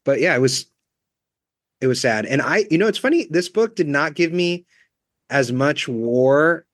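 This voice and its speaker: A man in casual book chat, relaxed and rambling. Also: fairly high pitch, a little slow, no echo, studio quality. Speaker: book club member.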